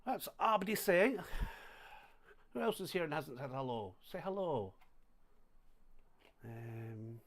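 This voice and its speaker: A middle-aged Scottish man chatting casually on a home livestream, thinking aloud as he sorts banknotes, with sudden loud exclamations. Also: a little high, expressive, slow pace, long pauses, a little hiss or hum. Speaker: coin and banknote collector livestreaming. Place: home flat indoors.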